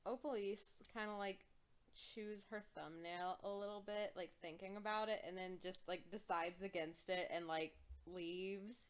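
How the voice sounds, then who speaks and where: A woman's voice: medium pitch, steady tone, measured pace, smooth. A woman playing in a tabletop game, describing her character casually with many "like"s. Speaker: player. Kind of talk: tabletop role-play.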